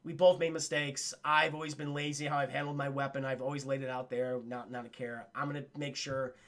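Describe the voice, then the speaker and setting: A man voicing a wounded female cartoon detective who speaks softly and forgives. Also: fairly high pitch, measured pace, vocal fry, exaggerated voice. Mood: soft, forgiving.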